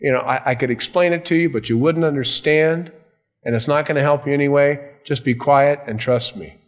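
Brief: man doing a weary, dismissive parent in a sermon aside, quick and slightly high. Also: natural voice. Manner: tired, dismissive. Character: weary parent talking to a questioning child.

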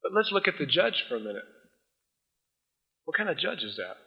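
Pastor guy preaching, kinda high voice, acts out a courtroom story, muffled lo-fi recording. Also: a little fast, gravelly. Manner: animated storytelling, acting out both sides of a courtroom scene. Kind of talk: sermon. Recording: dull lo-fi sound.

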